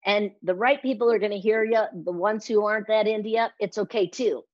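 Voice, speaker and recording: Woman, guest speaking coach, energetic, acts out quotes, dry video call sound, slightly muffled. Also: medium pitch, a little fast, no echo. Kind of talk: lively interview talk.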